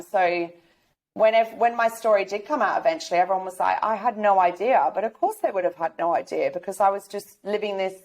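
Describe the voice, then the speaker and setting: A woman, talking openly as a podcast guest, rambling with many restarts and fillers. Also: mid-range voice. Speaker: guest sharing lived experience. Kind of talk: candid podcast interview.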